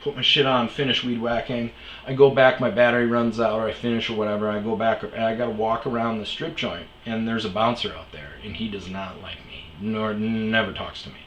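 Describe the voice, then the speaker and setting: Low-voiced man telling profane stories. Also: fairly even intonation, a little fast, fairly bright tone, echoey room, a little hiss or hum, rough recording. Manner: profane, rambling anecdotes. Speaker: host, storyteller. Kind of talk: comedic storytelling podcast.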